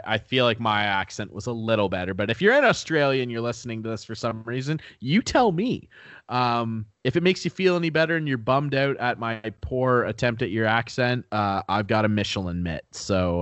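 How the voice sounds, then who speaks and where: A young man riffs through a casual podcast chat in a lowish voice, goofy and rambling, dropping the odd swear word. The sound is dry and close, with no room around him. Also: expressive, normal speed, a bit bright, clear, resonant tone, no room sound. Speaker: podcast co-host.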